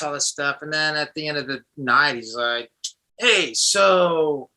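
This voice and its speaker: A man's voice: on the high side, moderate pace, sharp tone. A man guest musician chatting casually in an interview, rambling with lots of restarts and fillers.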